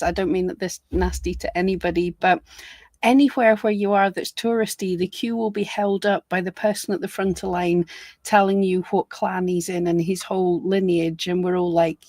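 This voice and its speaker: A woman's voice: mid-range voice, a little mellow, dry recording. Laughing Scottish woman, dry sound. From Scotland. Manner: friendly, laughs often, self-deprecating. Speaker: co-host of a live Q&A stream. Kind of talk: casual chat.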